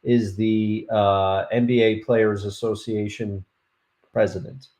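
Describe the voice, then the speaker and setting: A man's voice: lowish voice, level tone, slow, a little mellow. Joking, laughing male sports co-host. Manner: joking, laughs often, self-deprecating. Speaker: podcast co-host. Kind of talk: casual live sports talk.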